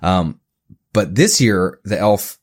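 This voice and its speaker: A man's voice: low-pitched, lively intonation, takes it slowly. A man in his thirties co-hosting a podcast, telling a story with hesitant restarts and laughter in casual chat. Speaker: podcast co-host.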